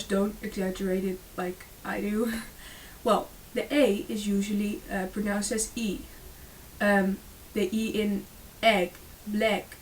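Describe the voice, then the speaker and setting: A woman reading a school presentation aloud, with frequent fillers and small restarts. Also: mid-range voice. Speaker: student presenter. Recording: distant mic with faint hiss.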